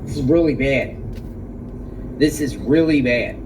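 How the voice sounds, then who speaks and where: A man's voice: medium pitch, a little slow, distant mic, noisy background. A man giving emphatic live reaction commentary outdoors, exclaiming and repeating his key points.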